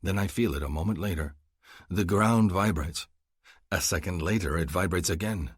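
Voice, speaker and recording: Deep husky guy reading an audiobook, first person, brooding, dry close mic. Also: normal speed, dry recording. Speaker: audiobook narrator.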